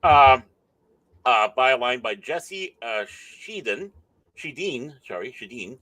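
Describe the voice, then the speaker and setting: A man's voice: medium pitch, expressive, measured pace, sharp tone, no echo. A man co-hosting a podcast, reading articles aloud with stumbles and jokes. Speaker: podcast co-host.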